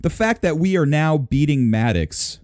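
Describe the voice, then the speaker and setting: Lively, teasing male podcast host. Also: fairly high pitch, moderate pace, dry recording. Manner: teasing, crude, laughs often. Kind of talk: casual podcast banter.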